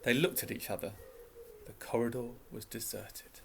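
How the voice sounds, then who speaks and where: A man narrating a storybook reading in a calm, even way. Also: medium pitch, moderate pace, vocal fry, a little hiss or hum.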